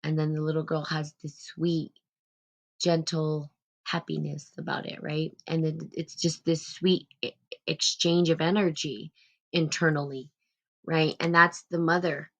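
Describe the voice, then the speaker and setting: On a relaxed spiritual live stream, a woman with a low, deep-set voice muses gently and a little slowly. She rambles as she thinks aloud, with many fillers and restarts.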